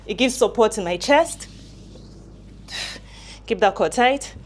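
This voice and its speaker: A woman's voice: on the high side, animated, slow, darkish tone, slight background noise. Breathless woman coaching home workouts. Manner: friendly, instructive, demonstrating exercises while talking. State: out of breath during exercises. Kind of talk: casual workout demonstration.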